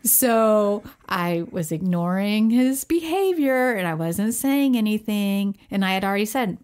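A woman's voice: mid-range voice, expressive, measured pace, few pauses, a little mellow, clear, resonant tone. Woman podcast co-host, chatty storyteller, laughs easily, acts out quotes. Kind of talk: casual storytelling chat.

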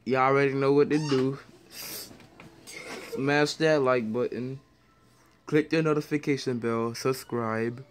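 A man's voice: medium pitch, steady tone, a little slow, pauses often, a little hiss or hum. Playful young vlogger man. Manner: playful, teasing banter. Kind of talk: casual vlog chat. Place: in a car. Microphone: handheld phone.

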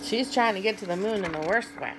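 A woman's voice: medium pitch, a little fast, noisy background. A woman reading a picture book aloud to children, stopping to ask young listeners about the pictures. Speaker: children's read-aloud host.

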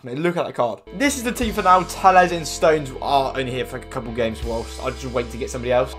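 A young man giving excitable, slangy commentary as he plays a game, with faint music behind. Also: on the high side. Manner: excitable, slangy, quick to exclaim. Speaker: gaming YouTuber. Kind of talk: casual commentary over gameplay.

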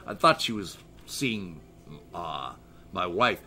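A man's voice: low-pitched, animated, slow, bright, forceful tone, a little hiss or hum. A middle-aged American man hosting a live stream, rambling and joking as he reads viewer chat aloud in casual talk. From United States.

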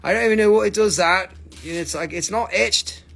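A man's voice: high-pitched, brisk, gravelly, fairly bright tone. A man hosting a live crystal sale, chatting casually, teasing viewers and swearing freely. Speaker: livestream crystal seller. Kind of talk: casual live sales chat.

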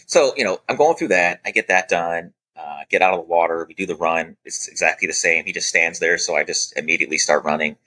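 A former Air Force special operator, guesting on a podcast, tells a loose, animated story in a low, husky voice with a bright, forceful edge. He speaks fairly quickly with hardly any pauses, acting out quoted dialogue and leaning on plenty of "you know" fillers in this casual storytelling interview.

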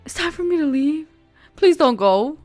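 Woman, very high voice, excitable, gasping, slangy, reaction commentary, faint music behind. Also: normal speed. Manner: excitable, gasping, repeating herself, near tears; slangy, says "bro" and "y'all". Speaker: reaction video host.

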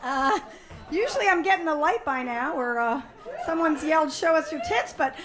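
High-voiced woman doing a stand-up set. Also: moderate pace, a bit bright, soft background music, a faint crowd. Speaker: stand-up comedian. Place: stage before a live audience.

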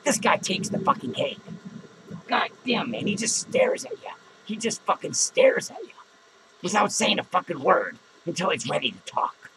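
A man's voice: high-pitched, huge pitch swings, normal speed, noisy background, full character voice. A man playing a foul-mouthed, jittery male clown who hosts a podcast and rants crudely and nervously at his viewers. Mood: mocking. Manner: swearing, rambling, nervous outbursts. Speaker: podcast host. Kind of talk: profane comedic rant to viewers. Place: podcast studio.

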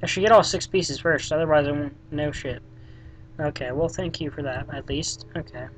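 A let's play gamer giving casual gameplay commentary in a sarcastic, deadpan way, swearing often and reading game text aloud. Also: medium pitch, moderate pace, a little hiss or hum, low-quality recording.

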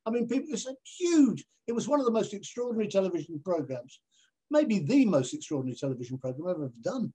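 Animated man telling stories. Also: high voice, fast talker, husky. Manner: animated, acts out other people's voices in his stories. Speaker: television presenter guest. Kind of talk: anecdotal storytelling in a conversation. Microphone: video call.

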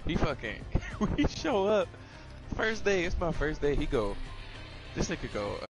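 A young man tells a profane, laughing story while playing. His pitch leaps up and down wildly. Game music plays behind him. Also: very animated, a little slow. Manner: profane, laughs between lines, acts out quotes. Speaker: gamer telling a story. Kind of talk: casual storytelling. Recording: gaming stream with music.

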